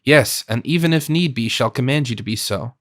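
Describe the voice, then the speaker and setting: A man voicing a shrewd, calm general who questions a captured fisherman in a measured, probing way. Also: mid-range voice, no room sound, studio quality, close to an everyday voice.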